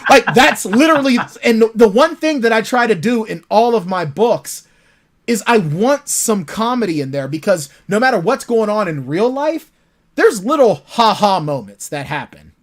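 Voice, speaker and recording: Animated male author telling stories. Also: high-pitched, normal speed. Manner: animated storytelling, acts out his characters. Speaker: author guest. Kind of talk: casual interview chat.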